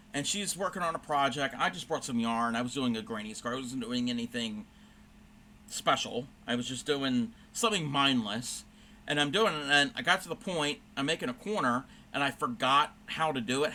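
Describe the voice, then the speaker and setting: Chatty man with a bright voice. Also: medium pitch, a little hiss or hum. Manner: rambling, chatty, with many fillers and self-corrections. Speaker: crafting livestream host. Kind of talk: casual storytelling while stitching.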